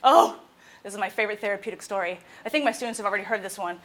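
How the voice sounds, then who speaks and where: Speaking rapid-fire in a mid-range voice, a woman who specializes in mental health gives students an informal talk, telling stories with lively, acted-out quotes.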